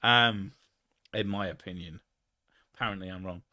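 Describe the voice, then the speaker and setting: A man's voice: low voice, moderate pace, sharp tone. A man hosting his stream, chatting casually and rambling, swearing freely and laughing at himself. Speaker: streamer host. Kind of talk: casual chat reading viewer messages.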